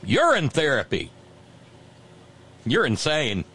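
A man's voice: mid-range voice, wildly swooping pitch, slow, pushed and bright, husky. A man hosting a talk show, giving sarcastic, mocking commentary and reading out listener messages.

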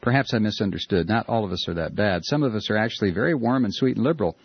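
Husky-voiced radio host. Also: male voice, fairly low pitch, very fast, lo-fi sound. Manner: hesitant, many uh fillers and restarts. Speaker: radio talk show host. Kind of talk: casual radio talk, reading listener emails.

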